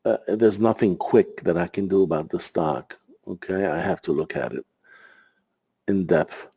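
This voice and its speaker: A man's voice: lowish voice, dark tone. A man hosting a live market webinar, searching for words as he goes through charts and answers viewer questions, sounding tired and out of breath. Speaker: market analyst host.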